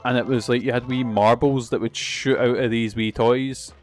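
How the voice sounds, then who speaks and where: Rambling streamer. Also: male voice, medium pitch, steady tone, normal speed, soft background music. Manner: rambling, swears often, self-mocking. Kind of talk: casual let's-play commentary.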